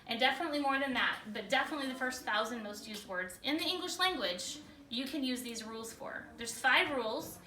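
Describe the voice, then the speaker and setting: Bright, high-voiced woman teaching a classroom lesson. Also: a little fast. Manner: energetic, checks in often with questions. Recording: echoey room, far from the mic.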